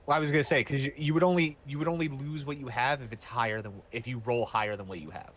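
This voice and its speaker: Male game master, casual and rambling, mid-pitched, faint noise behind. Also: fairly even intonation, fast talker, a bit bright. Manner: casual, many fillers and restarts. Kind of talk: running a tabletop game.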